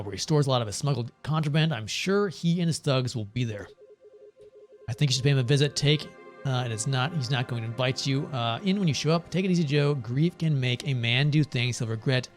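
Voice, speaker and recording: A man reading the lines of a calm barman with a shady past, giving advice. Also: mid-range voice, a little fast, faint music behind, close to an everyday voice. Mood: advising.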